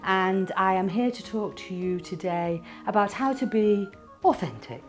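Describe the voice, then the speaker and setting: A woman's voice: mid-range voice, lively intonation, measured pace, soft background music, close to an everyday voice. A woman voicing an affected, posh stage speaker who declaims theatrically. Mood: grandiose.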